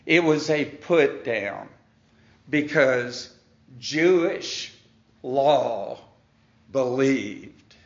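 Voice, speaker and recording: A man teaches from the Bible in a slow, deliberate preacher's cadence. He reads passages aloud and then unpacks them, leaning on key words for emphasis. The sound is dull and muffled, with a roomy echo around it. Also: medium pitch, lively intonation, gravelly. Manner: reads scripture aloud, then explains it point by point; leans hard on key words. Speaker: pastor.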